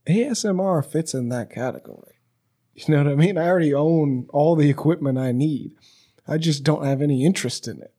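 Husky, profane podcast host, a man. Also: a little high, brisk, dark tone. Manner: loose, profane, chatty storytelling. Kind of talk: casual conversation. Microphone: podcast microphone.

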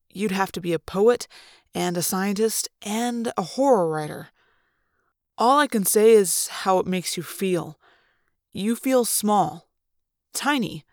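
Woman, audiobook narration, slow deliberate delivery, dry close sound. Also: medium pitch, a little mellow, dry recording. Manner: slow, deliberate dramatic reading. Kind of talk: audiobook reading.

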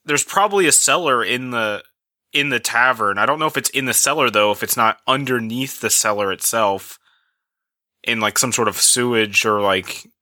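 A man, one of the players at a tabletop game, thinking aloud in casual chat with hesitant pauses. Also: medium pitch, pushed and bright, no echo, studio quality.

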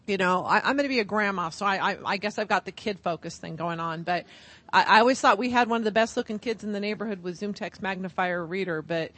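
A woman's voice: mid-range voice, fast, fairly bright tone. A middle-aged woman giving an upbeat, chatty product presentation at a conference as a vendor.

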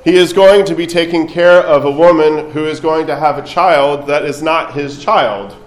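Priest giving a homily in a roomy church, echo all around, chatty asides. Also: male voice, on the high side, moderate pace. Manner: conversational preaching with light asides. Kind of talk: sermon.

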